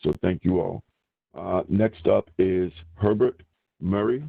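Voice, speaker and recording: A man chairing a public meeting, calling on speakers in a halting way with filler pauses. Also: low voice, gravelly, breathy edge, no echo. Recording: dry, tinny phone line.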